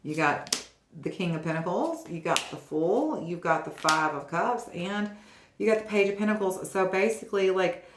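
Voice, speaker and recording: A woman's voice: lowish voice, expressive, moderate pace. A woman giving a casual tarot reading to her viewers, chatty and often checking in with "okay?". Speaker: tarot reader. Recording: roomy echo, faint noise.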